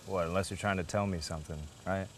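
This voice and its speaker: A man's voice: low voice, steady tone, fast talker, a bit bright, slight background noise. A young man acting a shy small-town boy in a film, talking nervously and stumbling over his words. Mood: puzzled. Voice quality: nervous, stammering, with laughs between words. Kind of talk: film dialogue.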